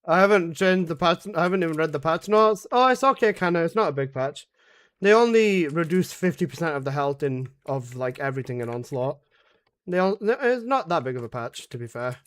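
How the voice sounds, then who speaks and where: A man's voice: a little high, expressive, brisk, fairly bright tone, clear, resonant tone. A young man streaming a game live, rambling casually, swearing freely and being sarcastic as he talks to his teammates. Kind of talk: casual live-stream commentary while playing.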